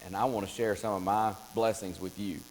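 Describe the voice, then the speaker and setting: A man preaching a Bible study in a church, telling the story with lively acted-out voices. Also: on the low side, brisk. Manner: animated storytelling, acts out voices of Bible figures. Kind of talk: Bible class teaching. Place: church classroom. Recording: long hall reverb with faint mains hum.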